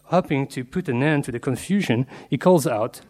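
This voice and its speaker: A man's voice: medium pitch, darkish tone. Man giving a scholarly literature lecture. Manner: measured and scholarly, slipping in Latin and French terms. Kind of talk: academic lecture read from a paper.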